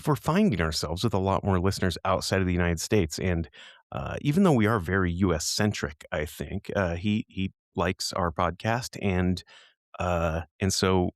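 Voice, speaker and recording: Male podcast co-host, low voice, dry close sound, rambling casual chat, quick to laugh. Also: no echo. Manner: chatty, rambling, laughs easily.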